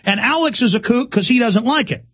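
A man's voice: extremely high pitch, animated, fairly quick, fairly bright tone, breathy edge. A man hosting a talk show, delivering an urgent, impassioned monologue.

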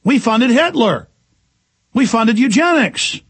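A man's voice: expressive, slow pace, slightly rough, exaggerated voice. A man voicing a lying male scorpion who boasts of being a predator, gloating in a raised voice. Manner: gloating, loud and high.

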